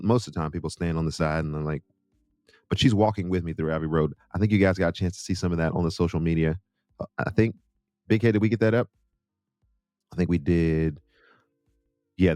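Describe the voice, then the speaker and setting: A man's voice: sits low, a little mellow, no room sound. An American man, a Christian music artist, telling a rambling story in a casual chatty monologue with asides to his viewers.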